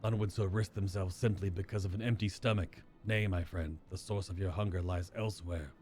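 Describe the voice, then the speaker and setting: A man voicing a brooding male armored villain in a low, hushed, measured way. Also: steady tone, lightly acted. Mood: grave.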